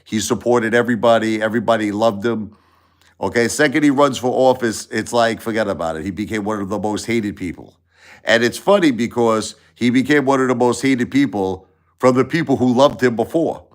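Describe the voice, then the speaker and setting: A man hosting a casual opinion livestream, rambling and repeating himself in an animated way. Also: medium pitch, fairly quick. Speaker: livestream host.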